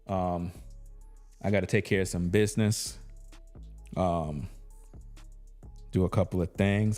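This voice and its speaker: A man's voice: deep voice, normal speed, long pauses, a little mellow, faint music behind. Laid-back man. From New York. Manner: laid-back, chatty, peppered with "you know what I mean". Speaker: YouTube commentator. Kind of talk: casual commentary.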